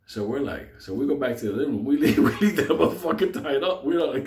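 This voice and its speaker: In a medium-pitched voice, a man races through a wild story with few pauses, laughing and swearing often in an animated, casual telling. The recording has an echoey room sound.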